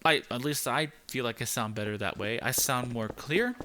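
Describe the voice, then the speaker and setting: A young man giving casual gameplay commentary, rambling with lots of fillers and keeping his voice deliberately high. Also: background noise. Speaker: game channel host.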